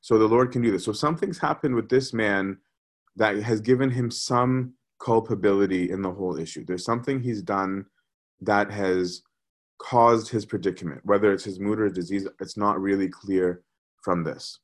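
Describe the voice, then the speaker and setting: A man's voice: fairly low pitch, normal speed. A man giving a sermon, talking conversationally and asking his listeners "right?" again and again. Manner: conversational, animated, often asks "right?". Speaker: preacher.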